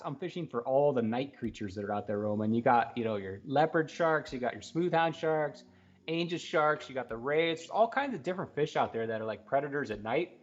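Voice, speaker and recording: A man co-hosting a fishing talk show, explaining gear and rigs in a fast, excited, casual way and laughing often. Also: on the high side, lo-fi sound. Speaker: co-host giving fishing tips.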